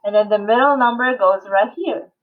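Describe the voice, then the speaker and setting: A woman's voice: mid-range voice, moderate pace, faint music behind. A woman math teacher teaching an online class, coaxing and quizzing her students and laughing often. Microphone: video call. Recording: tinny phone-like audio.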